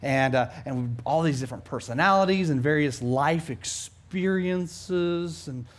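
A middle-aged man preaching a sermon as pastor, swinging between loud emphatic lines and quiet asides. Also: a little high, a little slow.

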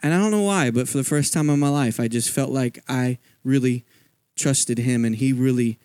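A man's voice: mid-range voice, moderate pace, a little mellow, clean tone, dry recording. A man from Philadelphia giving a personal testimony as a guest speaker at a church, talking in a conversational storytelling way with frequent asides. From Philadelphia, USA.

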